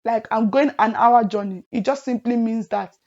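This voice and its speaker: A young woman from Nigeria chatting casually to her viewers in a lively, teasing way. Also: on the high side, moderate pace. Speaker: vlogger. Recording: muffled lo-fi audio.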